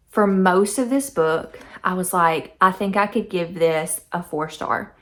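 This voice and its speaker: A young woman talks through a book in a casual vlog, chatty and effusive. Her voice sits a little low and has a gravelly fry. She reads short passages aloud between her thoughts. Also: fairly bright tone. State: teary-eyed. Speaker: book vlogger.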